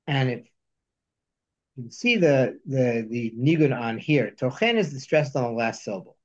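A man teaching a text study lesson, reading Hebrew verses slowly and then explaining them. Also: mid-range voice, animated, highs cut off. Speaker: Torah teacher.

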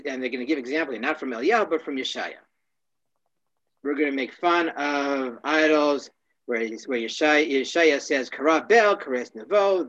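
A man teaching a casual class, wry and joking, often clearing his throat. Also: medium pitch, a bit bright, lo-fi sound.

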